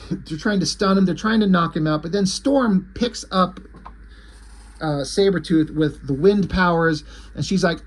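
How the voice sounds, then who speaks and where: A man's voice: sits high, lively intonation, moderate pace, breathy edge. A man casually and enthusiastically recapping a comic story, swearing freely and reading out the characters' lines. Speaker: comic book reviewer.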